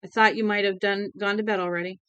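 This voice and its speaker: A man's voice: sits high, flat delivery, fast, a bit bright, smooth, no room sound, dull audio. A woman voicing a hard-bitten male henchman who talks in a blunt, matter-of-fact way.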